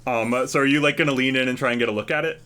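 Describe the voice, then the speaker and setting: Guy running a tabletop game, bright voice, kinda rambly and hesitant. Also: medium pitch, racing. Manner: casual, hesitant, many fillers. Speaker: game master.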